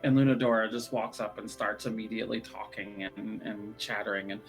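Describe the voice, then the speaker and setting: A man playing a tabletop game, describing his character's actions in an amused, animated way. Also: on the low side, fairly quick, faint music behind, poor audio. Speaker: player.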